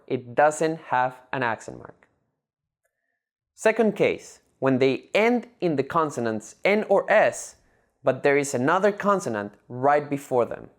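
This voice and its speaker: Lively voice teaching a lesson. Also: medium pitch. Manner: measured, spells words out syllable by syllable. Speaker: language teacher. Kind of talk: scripted lesson narration.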